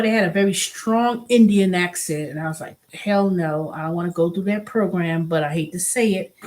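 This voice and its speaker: A middle-aged woman hosting a casual vlog, venting animatedly and often restarting and repeating herself. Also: mid-range voice. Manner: animated venting, acts out quoted voices. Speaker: show host.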